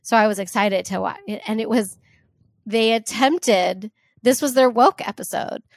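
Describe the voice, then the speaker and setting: A woman co-hosting a podcast in chatty casual talk, reacting quickly and laughing easily. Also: on the high side, dry recording, clean studio sound. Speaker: podcast co-host. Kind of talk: casual chat.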